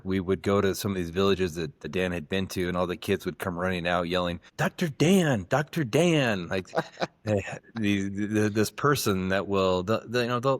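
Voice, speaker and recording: A middle-aged man with a lowish voice tells a story on a podcast, warm and sincere, often restarting his sentences. The recording is close and dry. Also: no echo. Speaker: dentist and podcast co-host. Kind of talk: reflective podcast conversation.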